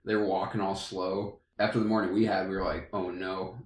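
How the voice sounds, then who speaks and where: A man's voice: low voice, flat delivery, fast talker. Laughing young man telling a story. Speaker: podcast co-host. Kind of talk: casual storytelling. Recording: echoey room.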